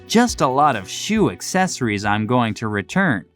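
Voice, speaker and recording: A narrator voicing a cool, calm young male safecracker in an audiobook story. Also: mid-range voice, normal speed, soft background music. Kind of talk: audiobook character voice.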